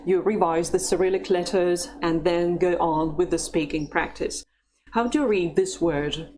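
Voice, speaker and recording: A woman teaching a language lesson, speaking slowly and carefully in an encouraging instructional tone. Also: fairly low pitch, a little mellow, slight background noise.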